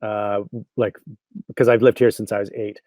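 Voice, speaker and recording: A video game composer and voice director from Cornwall, England, chats in a casual interview with a Canadian accent. His voice is on the low side, darkish and flat, at normal speed with clean studio sound and no room sound. He's enthusiastic and rambling, laughing often.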